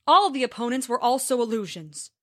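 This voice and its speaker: A woman voicing a male giant who calmly explains his tricks in a storybook tale. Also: fairly high pitch, brisk, no room sound, studio quality. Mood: explaining. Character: huge cheerful male giant.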